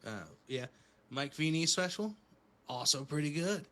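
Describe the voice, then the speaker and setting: Male podcast co-host, rambling and profane, bright forceful tone. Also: fairly high pitch, animated, normal speed. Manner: rambling, profane, laid-back storytelling. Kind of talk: casual podcast chat.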